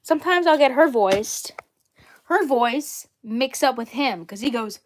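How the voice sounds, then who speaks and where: A woman with a fairly high voice talks on her own live stream in a loose, casual way. She rambles and circles back, repeating the same phrases again and again. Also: animated, a little slow. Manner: rambling and repetitive. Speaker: channel host.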